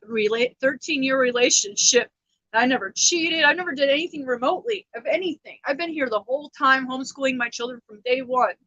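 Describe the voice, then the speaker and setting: A woman's voice: mid-range voice, fairly bright tone, no echo, lo-fi sound. An emotional woman in her thirties, rambling on a personal livestream about her family, upset and close to tears. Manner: rambling, emotional, repeats herself. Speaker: livestream host.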